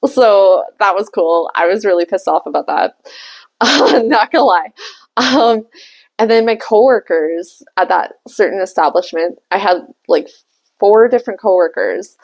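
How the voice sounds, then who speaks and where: A woman's voice: mid-range voice, expressive, a little slow. A woman telling a personal story in a candid, chatty way, swearing freely and laughing often. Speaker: tarot reader and vlogger. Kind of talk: casual storytelling.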